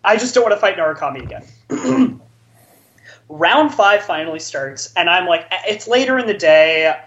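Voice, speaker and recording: A podcast co-host rambles through a long story among friends, casual and stuffed with "like" after "like." His voice is high with lively intonation, a little slow and a bit bright, captured with lo-fi sound.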